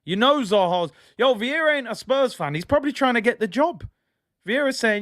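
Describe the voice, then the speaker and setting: High-voiced excitable man. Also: normal speed, no echo, studio quality. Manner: excitable, emotional, swings into frustrated shouting. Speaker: fan stream host. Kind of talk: live match watch-along reaction.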